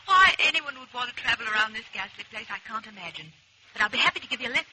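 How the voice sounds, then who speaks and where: A woman's voice: fairly high pitch, expressive, quick pace, pushed and bright, slightly rough, exaggerated voice, rough recording. An actress in a 1940s radio drama playing a scornful, worldly woman with a haughty, dismissive manner, on a hissy old recording. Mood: cool, scornful. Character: aloof, scornful young woman of an outback town. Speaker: local woman giving a lift.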